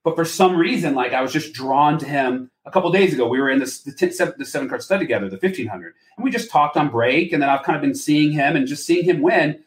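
A man's voice: fairly high pitch, expressive, fast, few pauses, reverberant. A man, a poker player, chatting casually and rambling with plenty of swearing and filler words. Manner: rambling, profane, lots of "like". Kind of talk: casual podcast chat.

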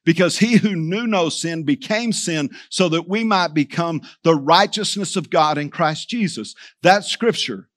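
A pastor preaches to his church, and his voice sits high for a man. He drives his points home with repetition, turning again and again to the people in front of him. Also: unhurried, few pauses, fairly bright tone. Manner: preaching with emphatic repetition, addressing the church directly. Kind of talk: sermon.

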